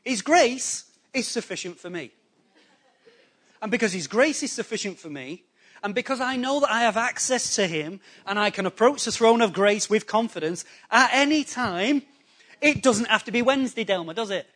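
High-voiced animated male preacher. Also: moderate pace. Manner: animated, acts out excuses in quoted voices, conversational asides. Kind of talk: sermon. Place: church hall before a congregation.

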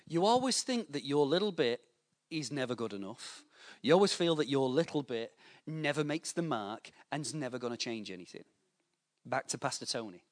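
A man preaching a sermon to a church, telling anecdotes and acting out the voices in them. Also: medium pitch. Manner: storytelling with lively voiced anecdotes. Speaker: pastor.

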